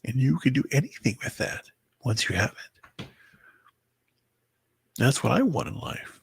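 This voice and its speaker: A very tired man talking to his viewers in a halting personal monologue, often stumbling and restarting his words. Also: medium pitch, big pitch swings, gravelly, slightly rough, dry recording. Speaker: vlogger. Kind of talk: rambling personal monologue to camera.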